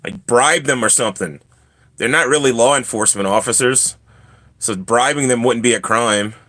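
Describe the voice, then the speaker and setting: A man hosting a casual livestream, chatting with viewers and ranting about a held-up package, with coughs and throat-clearing between lines. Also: medium pitch, normal speed, a bit bright. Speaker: livestream host.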